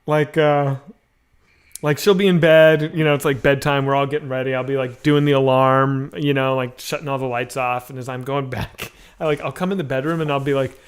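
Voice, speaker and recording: A man co-hosting a podcast in casual, profane banter, animated and quick to laugh. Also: mid-range voice, smooth. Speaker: podcast co-host. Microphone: streamed podcast mic.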